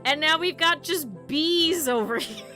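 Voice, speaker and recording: Bright-voiced chatty woman streamer. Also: sits high, measured pace, faint music behind. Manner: chatty rambling storyteller, talks to chat. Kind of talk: casual game stream chat.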